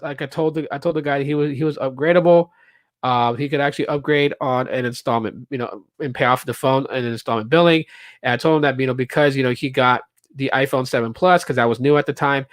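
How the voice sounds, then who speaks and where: A man's voice: mid-range voice, fast talker, no room sound, clean studio sound. A man hosting a casual solo podcast, telling stories in a rambling way full of fillers and restarts, and acting out what customers said. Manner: acts out quoted customers and reps. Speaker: podcast host.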